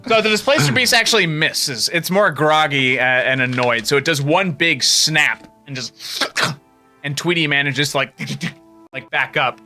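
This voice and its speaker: Man, game master, bright voice, animated delivery, laughs often, tabletop game narration. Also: on the high side, unhurried, soft background music. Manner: laughs often, lively storytelling.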